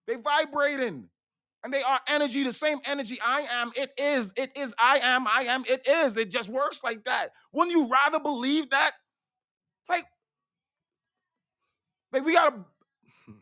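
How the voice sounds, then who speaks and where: A man doing a stand-up routine, rambling and swearing, repeating himself, swinging between loud bursts and hushed asides. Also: extremely high pitch, no echo, studio quality. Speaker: stand-up comedian.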